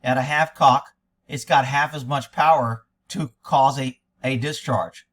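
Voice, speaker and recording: A man's voice: mid-range voice, fairly even intonation, measured pace, a bit bright. A man giving critical commentary on an interview recording, blunt, sarcastic and scornful, sometimes swearing. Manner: profane. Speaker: commentator reacting to interview audio.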